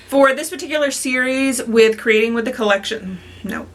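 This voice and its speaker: A woman's voice: on the high side, fairly quick, fairly bright tone, slight background noise. A woman hosting a scrapbooking channel, recording a casual voice-over full of bloopers, stumbling over her words and correcting herself aloud.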